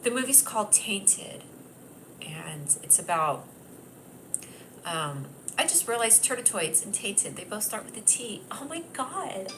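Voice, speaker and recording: A woman comedian hosting her own livestream, chatting loosely and giggling, often talking loudly and at times yelling. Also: medium pitch, big pitch swings, a little slow, background noise. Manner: giggly and scattered. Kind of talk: rambling casual livestream chat. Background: piano playing.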